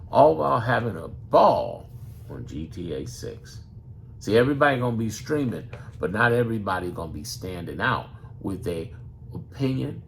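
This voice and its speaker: A man's voice: deep voice, slight background noise. A man who makes gaming videos talks straight to the viewer, blunt and profane, handing out advice in a casual, preachy way. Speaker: gaming content creator. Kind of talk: casual motivational talk.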